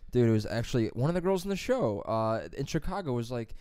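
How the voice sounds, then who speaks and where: A man's voice: mid-range voice, quick pace, clean tone, no echo. A young man trading stories in a casual podcast chat, loose and profane, jumping into mock voices as he goes. His voice sits in a middle register, recorded close and dry with no room sound. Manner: swearing, animated storyteller.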